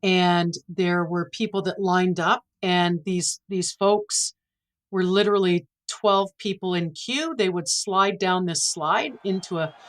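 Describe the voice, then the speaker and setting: Low-voiced woman telling a personal story. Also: takes it slowly, rough recording. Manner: vivid, emotional retelling. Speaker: guest.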